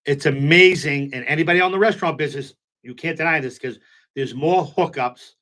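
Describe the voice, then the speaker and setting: A man's voice: fairly high pitch, a little fast. A middle-aged man, a nightclub owner telling stories in a casual interview and acting out the quotes. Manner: animated storyteller, acts out quotes, repeats "you know what I'm saying".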